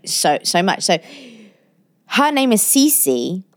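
A woman co-hosting a podcast, chatty and gossipy with quick asides. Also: medium pitch, big pitch swings, no echo, studio quality. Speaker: podcast co-host. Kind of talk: casual chat.

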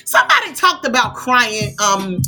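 A woman's voice: a little high, huge pitch swings, bright, forceful tone, soft background music. A woman hosting a podcast in casual chat, talkative, laughing often and drawing out her words. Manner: chatty, laughing, drawn-out words. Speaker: podcast host.

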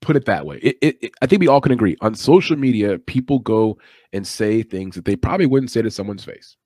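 On a late-night MMA podcast, a man from the US East Coast offers casual live-stream commentary that's opinionated, rambling and packed with asides. His voice is on the low side, expressive, a little fast and a little mellow, captured with clean studio sound and no room sound.

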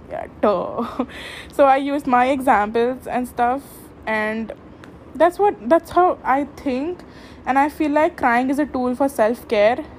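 A woman's voice: on the high side, darkish tone, a little hiss or hum. A young woman hosting a casual solo podcast from her bedroom, rambling with many fillers and frequent giggles. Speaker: podcast host.

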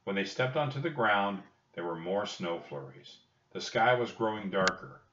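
A man reads a children's storybook aloud in a steady, plain way. His voice is very low. The recording is roomy, distant and dull. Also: normal speed. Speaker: narrator.

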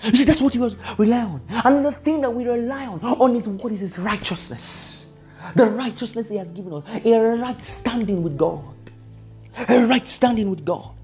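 A woman's voice: on the high side, moderate pace, dark tone, faint music behind. A woman preaching a sermon, emphatic and repetitive, often laughing as she talks.

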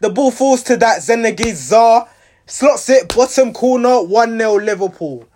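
A man's voice: very high-pitched, a little slow, a little mellow, slight background noise. A man giving a rambling, exasperated reaction to his team's match, restarting his sentences often. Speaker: football fan reviewing a match.

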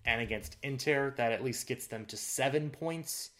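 A male podcast co-host talks through the week's football results in a loose, rambling way. His voice sits at an ordinary middle pitch, and his chat is dotted with fillers and restarts. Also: moderate pace, a bit bright. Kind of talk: casual sports chat.

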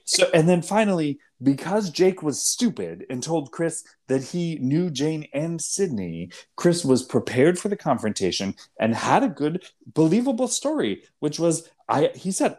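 A man's voice: mid-range voice, big pitch swings, normal speed, hardly any pauses, a little mellow. A man arguing his case point by point. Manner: argumentative, lays out points step by step. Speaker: podcast co-host. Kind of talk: casual TV recap chat.

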